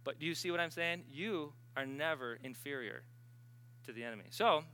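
A man preaching a sermon in a conversational, emphatic way, swinging between loud and hushed and acting out the voices he quotes. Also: fairly high pitch, normal speed. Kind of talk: sermon with storytelling.

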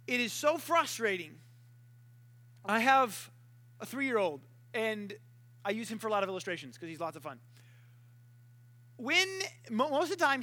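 A young man preaching a sermon, animated and playful, acting out voices and barking to make his point. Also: sits high.

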